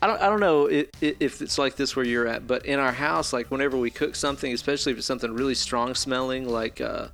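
Gravelly young dude hosting a podcast, swears a lot, rambles, faint music behind. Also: male voice, mid-range voice, quick pace, hardly any pauses. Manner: loud, profane, laughs easily, rambling. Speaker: podcast host. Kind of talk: casual chat.

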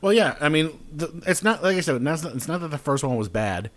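A man's voice: fairly high pitch, animated, quick pace, a bit bright. A man co-hosting a comic book podcast, chatting casually and chiming in with short replies. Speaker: podcast co-host.

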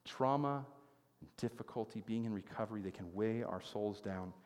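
A man's voice: fairly low pitch, normal speed, a little mellow. Man preaching a sermon in a reverberant hall. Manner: conversational storytelling, asks listeners questions. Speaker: pastor.

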